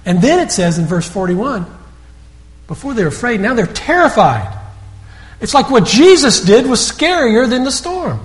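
A man's voice: extremely high pitch, very animated, moderate pace. A man preaching a sermon in a conversational storytelling way, often repeating words and restarting sentences.

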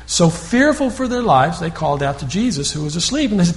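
A man's voice: high-pitched, sing-song, a little fast, few pauses. A man preaching a sermon in a conversational storytelling way, often repeating words and restarting sentences.

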